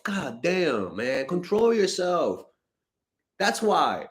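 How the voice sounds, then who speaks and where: A young man coaches fans on dating in a loose, unscripted stream. His voice sits fairly high and swings widely, and his delivery is blunt and exasperated, with casual swearing. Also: expressive, moderate pace. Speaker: dating coach answering fan questions. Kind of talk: casual livestream advice.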